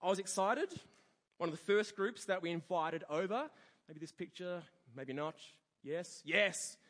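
Here a man preaches in a church hall, his voice sitting high and his pace a little slow. The long reverb of the hall carries his storytelling as he voices the characters in an animated way.

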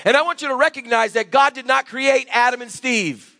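High-voiced preaching man, forceful. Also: a little fast, gravelly, dry recording. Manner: emphatic preaching with call-and-response. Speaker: pastor. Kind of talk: sermon. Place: church sanctuary.

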